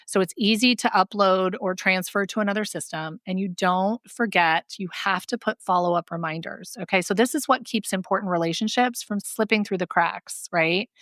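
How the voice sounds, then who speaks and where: A woman co-hosting a podcast, chatting in an animated, self-deprecating way about networking. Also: medium pitch, moderate pace, hardly any pauses, no room sound, clean studio sound. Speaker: podcast co-host. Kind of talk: casual chat.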